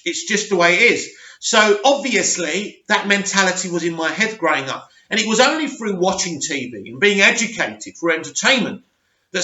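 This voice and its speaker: A young man with a high, bright, forceful voice reads entertainment news, trips over names and breaks off into his own opinions. His voice is a touch hoarse. The sound is roomy and a little dull. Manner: reads aloud, stumbles on names, adds opinionated asides. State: slightly hoarse voice. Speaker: host. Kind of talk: reading news articles with commentary.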